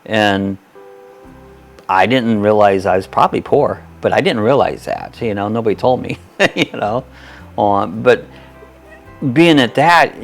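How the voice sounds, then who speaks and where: A man's voice: lowish voice, creaky. A man in his sixties hosting a live chat, talking in a folksy, rambling way, chuckling often as he reads viewers' comments aloud. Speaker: host of a live chat stream.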